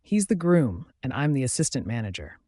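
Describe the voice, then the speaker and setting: A man's voice: medium pitch, very animated, brisk, dark tone, dry recording, studio quality. A man voicing a young woman assistant who speaks with forced politeness. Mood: polite.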